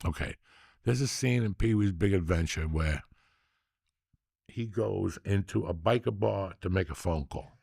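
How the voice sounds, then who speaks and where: A man hosting a podcast, telling stories in a loose, profane, excitable way. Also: low-pitched, unhurried, gravelly, husky, no room sound, clean studio sound. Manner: profane, excitable, animated storyteller. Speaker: podcast host. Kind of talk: casual storytelling chat.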